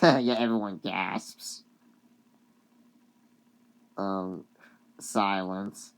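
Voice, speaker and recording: A woman's voice: rumbling low, steady tone, extremely slow. A woman vlogger casually recapping a cartoon, rambling with many fillers and giggles.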